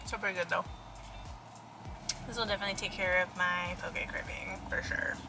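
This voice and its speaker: A woman's voice: fairly low pitch, fairly even intonation, normal speed, over music, poor audio. A young woman vlogging casually from her car and a restaurant, chatting in a rambling way with many fillers. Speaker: photographer vlogger. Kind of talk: casual vlog narration.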